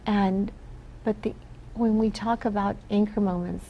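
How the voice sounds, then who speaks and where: A woman's voice: mid-range voice, fairly even intonation, a little slow, muffled recording, slight background noise. A woman from the Philippines, a guest on a talk show, telling stories in an earnest way and often asking "right?". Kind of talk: casual interview talk.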